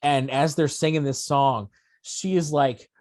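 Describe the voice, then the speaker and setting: Relaxed man with a dry close sound. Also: on the high side, measured pace, dry recording. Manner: relaxed storyteller, fillers, dry jokes. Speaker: co-host. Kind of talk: casual podcast chat.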